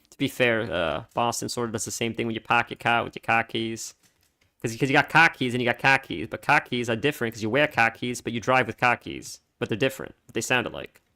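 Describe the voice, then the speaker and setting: Male streamer, easygoing chatty commentary, average pitch, prone to laughing. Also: brisk, pushed and bright. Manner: rambling storytelling, laughs often. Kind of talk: casual gameplay commentary.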